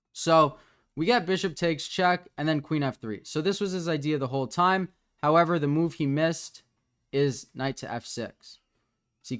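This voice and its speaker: A man as a chess coach, casually talking through the moves of a student's game as he reviews it. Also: a little high.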